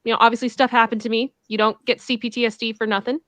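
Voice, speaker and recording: A woman co-hosting a casual livestream chat, earnest, firm and measured. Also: fairly high pitch, little pitch movement, a bit bright, no echo. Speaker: co-host.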